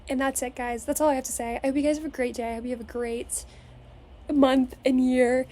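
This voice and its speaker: A young woman in her twenties, from Las Vegas, talks to her camera from her childhood bedroom in a high voice. She rants with energy, curses freely and leans on "like" as a filler. A faint hum of room noise sits behind her. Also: fairly quick. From Las Vegas, Nevada. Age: 20s. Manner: profane, energetic, filler-heavy with "like". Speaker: vlogger. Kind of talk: casual motivational rant to camera.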